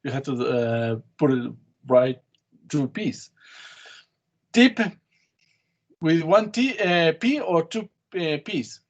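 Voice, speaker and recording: A man's voice: a little high, expressive, takes it slowly, pauses often, lo-fi sound. A man teaching an English class, quizzing students on spelling with short, patient prompts. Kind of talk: online class drilling spelling.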